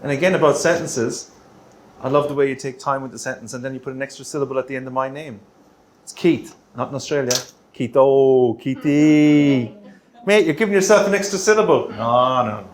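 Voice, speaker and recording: A middle-aged Irish man presenting a workshop in a meeting room, chatty and teasing, ending his points with a quick "right?". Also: mid-range voice. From Ireland. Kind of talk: joking workshop talk.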